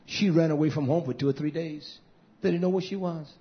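Fiery high-voiced male preacher, lo-fi. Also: a little fast. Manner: fiery, scolding, swings between shouted and hushed lines. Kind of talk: fiery sermon. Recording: dull lo-fi recording.

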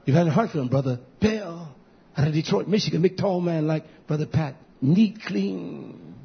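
A man preaching a sermon to his congregation, repeating phrases and building to loud, high emphatic peaks. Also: normal speed, vocal fry, slightly rough. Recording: dull lo-fi recording.

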